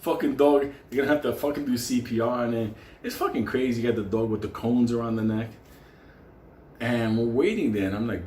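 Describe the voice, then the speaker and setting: Laughing his way through, a man with a mid-range voice tells a story casually and a little fast, swearing often. He's animated, and the echoey room carries faint ambience and slight background noise.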